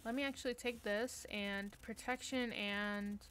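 A woman's voice: mid-range voice, fairly even intonation, unhurried, a bit bright. A young woman streaming a game from her room, chatting casually with playful, self-mocking trash talk. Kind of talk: casual live-stream chat while gaming.

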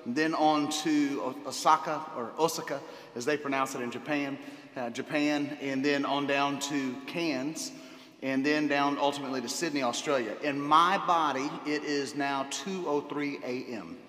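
Enthusiastic pastor preaching in a reverberant hall. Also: male voice, mid-range voice, steady tone, normal speed, fairly bright tone. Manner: enthusiastic, repeats words, many fillers. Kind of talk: sermon. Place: church sanctuary.

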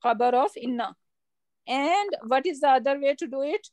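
High-voiced woman teaching grammar. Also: lively intonation, moderate pace, darkish tone, dry recording. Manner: patient, explanatory, checks understanding with questions. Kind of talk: online class lesson.

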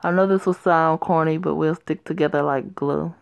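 A woman's voice: low voice, steady tone, normal speed, vocal fry, clear, resonant tone, dry recording. A woman voicing a tomboyish teenage girl who speaks in a blunt, defiant way. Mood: earnest.

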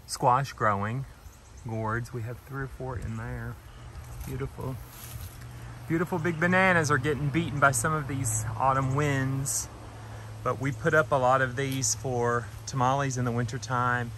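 A man giving a gentle, affectionate walking tour of his farm outdoors, filmed on a handheld camera. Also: mid-range voice, slight background noise. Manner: gentle, affectionate, talks to trees and animals. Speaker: vlogger touring his farm. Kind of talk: casual walking tour vlog.

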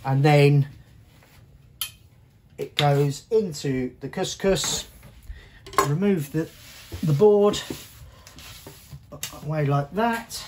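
A man's voice: on the high side, extremely slow, pauses often, background noise. A man hosting a cooking show, chatting casually as he walks viewers through each step of a recipe in a kitchen. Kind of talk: cooking demonstration.

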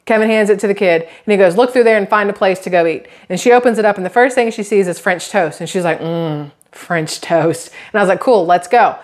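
This is a chatty woman in her thirties with a drawl, talking straight to her viewers in a casual vlog. She rambles through her stories and slips into little quoted voices along the way. Her pitch sits right in the middle for a woman. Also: fast talker, few pauses. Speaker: YouTube creator.

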